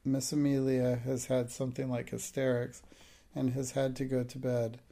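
A man's voice: mid-range voice, completely flat delivery, normal speed, vocal fry, dark tone, lightly acted. A man reading the lines of an eager, gossiping schoolgirl.

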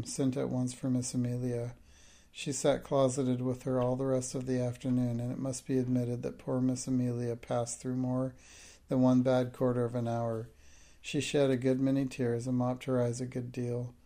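A man narrating a classic novel as an audiobook, steady with occasional slips and restarts. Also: mid-range voice, moderate pace.

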